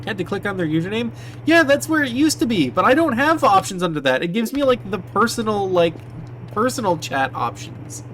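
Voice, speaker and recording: A man with a high, bouncy voice chatters away to his chat while playing a game on stream. He is excitable and swears freely, with a faint hiss of noise under the mic. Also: a little fast. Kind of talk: casual live-stream chat while gaming.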